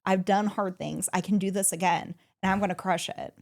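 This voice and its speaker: A woman co-hosting a casual podcast, telling a story with excitement and laughing often. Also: mid-range voice, fairly quick, gravelly. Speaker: podcast co-host.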